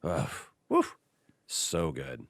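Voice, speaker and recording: A man with a very low voice chats casually as a podcast host. He tells animated stories and slips into the voices of the people in them. The sound is dry and close to the mic. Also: very slow, creaky, no echo. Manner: animated storyteller, acts out quotes. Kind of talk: casual chat.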